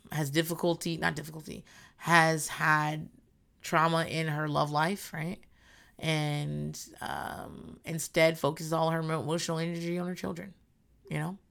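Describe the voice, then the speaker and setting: A woman's voice: low voice, creaky, sharp tone. A woman in casual chat, recapping a reality show in a blunt, rambling way and swearing often.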